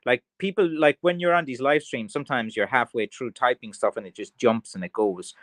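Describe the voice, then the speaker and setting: A man's voice: medium pitch, a little fast, fairly bright tone, no room sound. Rambling Irish man, dry close sound. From Ireland. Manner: rambling and chatty, many fillers and restarts. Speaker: craft seller hosting a livestream. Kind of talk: casual livestream chat, reading viewer comments.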